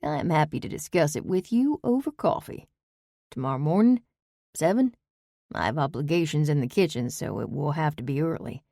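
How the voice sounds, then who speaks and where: A woman voicing a charming, laid-back male chef with a slow, courtly Southern drawl in an audiobook. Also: low-pitched, lively intonation, gravelly, warm tone, no echo, clean studio sound, full character voice. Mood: easy charm. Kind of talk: audiobook character voice.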